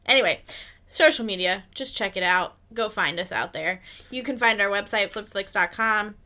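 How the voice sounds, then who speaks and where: A woman's voice: medium pitch, normal speed, bright, forceful tone. A woman co-hosting a podcast in casual chat who laughs often. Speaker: podcast co-host.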